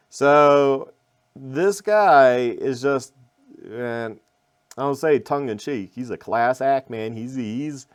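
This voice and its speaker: A man's voice: medium pitch, slow pace, smooth. A man in a casual, rambling vlog retelling a road crash. He repeats words, restarts sentences and adds wry asides. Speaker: vlogger recounting a crash. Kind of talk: casual storytelling to camera.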